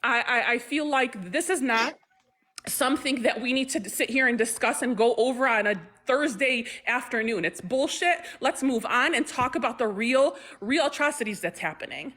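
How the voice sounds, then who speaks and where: A woman's voice: on the high side, expressive, normal speed, fairly bright tone. A Palestinian woman joining a livestream, speaking with emphatic anger and stumbling repetitions. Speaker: livestream guest. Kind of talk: impassioned casual talk.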